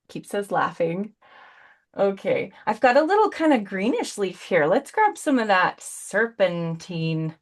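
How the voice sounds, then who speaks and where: A woman in her forties chatting through a live painting demo on a video call. She talks chattily and rambles, tossing in punny asides. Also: fairly low pitch. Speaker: brand ambassador demonstrating paints.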